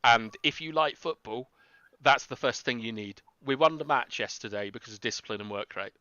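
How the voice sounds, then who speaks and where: A man's voice: mid-range voice, a little fast, bright, forceful tone, smooth, no room sound, dull audio. A man giving an earnest, explanatory tactical breakdown on a live stream, with frequent ums. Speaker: tactical analyst. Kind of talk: live stream football analysis.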